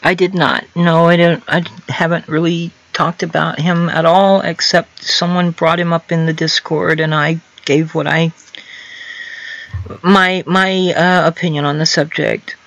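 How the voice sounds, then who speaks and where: A woman's voice: lowish voice, little pitch movement, measured pace, fairly bright tone, dull audio. A woman hosting a casual livestream news show, reading articles aloud and chatting with guests, laughing often. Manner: reads quotes aloud, laughs often, frequent ums.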